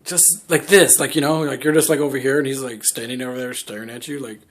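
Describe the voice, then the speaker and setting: A man's voice: medium pitch, steady tone, fast talker, fairly bright tone. A man casually reviewing a movie in a vlog, rambling with constant "like" and "um" fillers.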